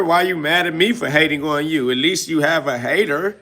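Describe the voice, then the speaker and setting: A man's voice: a little high, normal speed, pushed and bright. A man hosting a live self-talk podcast, preaching and mocking a troll in heavy slang. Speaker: podcast host.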